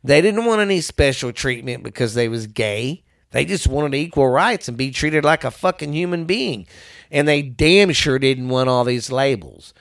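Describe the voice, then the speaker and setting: A man with a mid-range voice, ranting in a blunt, profane, conversational way. He hosts a casual talk show, full of swearing and quick asides. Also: medium pitch, expressive, gravelly, a bit bright.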